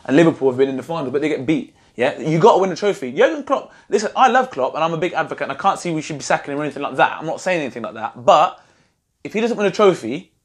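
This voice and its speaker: A man's voice: a little high, animated, racing. A man, co-hosting a casual football fan chat and ranting animatedly about his team. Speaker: football fan channel host.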